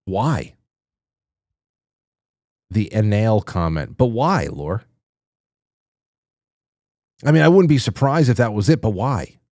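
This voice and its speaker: A man's voice: on the low side, sing-song, takes it slowly, long pauses, a little mellow, no echo, clean studio sound. A man hosting a casual livestream, reading viewer messages aloud and rambling through his thoughts with fillers and restarts. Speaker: talk show host reading chat messages.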